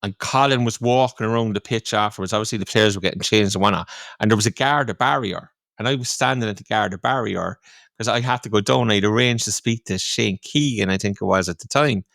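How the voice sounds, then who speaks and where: Man, Cork Irish accent, podcast host, rambling casual story, gravelly voice, dry close sound. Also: on the low side, a little fast, fairly bright tone, no room sound. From Ireland. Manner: rambling, lots of "like, you know".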